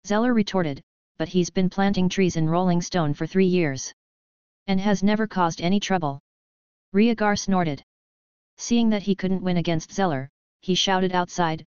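A woman reading an audiobook as narrator in an even, steady manner. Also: lowish voice, normal speed, clear, resonant tone, dry recording. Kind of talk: scripted narration. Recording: dull lo-fi dry audio.

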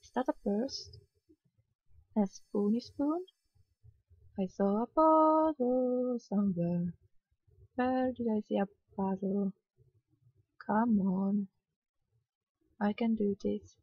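A woman's voice: medium pitch, slow pace, pauses often, breathy edge, dry recording, lo-fi sound. A woman casually talking through a hidden-object game, sleepy and yawning, muttering with mild exasperation. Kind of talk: casual let's-play commentary.

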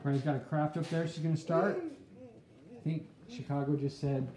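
A woman's voice: low voice, moderate pace, warm tone, roomy sound. A woman in her thirties, a family vlogger chatting upbeat and straight to viewers at home. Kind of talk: casual home vlog to camera.

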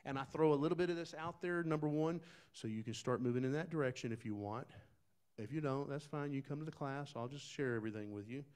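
A man preaching a sermon in a folksy, conversational way, talking straight to the congregation, dropping to quiet asides and rising to loud, emphatic bursts. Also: medium pitch, fast talker, clean tone. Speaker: pastor.

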